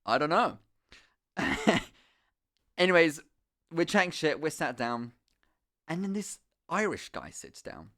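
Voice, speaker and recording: A young man, streaming live and telling a story in an animated, rambling way, swearing often and breaking off into asides. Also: a little high, takes it slowly, long pauses. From England. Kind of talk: casual storytelling to a live chat.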